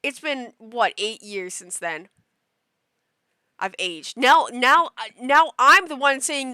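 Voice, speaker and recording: A woman in her twenties streaming live, telling a story in casual chat. She acts out quotes and breaks into sudden loud outbursts. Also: a little high, animated, takes it slowly, smooth, dry recording, studio quality. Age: 20s.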